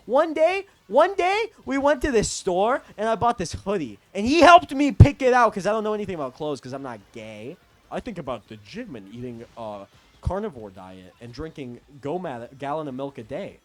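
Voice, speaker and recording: A man's voice: sits high, sing-song, moderate pace. A young man telling a story in a casual, profane, rambling rant as a vlogger.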